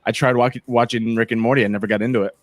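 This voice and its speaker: A man's voice: mid-range voice, steady tone, rapid-fire, no echo. Male podcast host, loose joking chatter, dry close sound. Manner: joking, filler-heavy, teasing. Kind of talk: casual chat.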